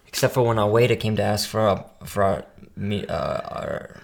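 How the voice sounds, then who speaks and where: A man's voice: on the low side, unhurried, gravelly. A young man co-hosting a casual podcast, telling rambling work stories, laughing often and sometimes losing his words. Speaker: podcast co-host. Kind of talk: casual chat.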